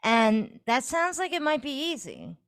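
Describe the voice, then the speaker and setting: A woman's voice: high voice, sing-song, measured pace, vocal fry, fairly bright tone. Orderly, explaining woman co-host. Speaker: podcast co-host. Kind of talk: casual chat.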